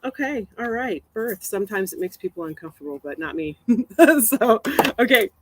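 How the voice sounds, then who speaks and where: A woman's voice: on the high side, lively intonation, moderate pace, noisy background. A woman in her forties from Missouri, a poet hosting a live stream in rambling, casual chat with frequent laughs and a poem read aloud. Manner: rambling, chatty, laughs often.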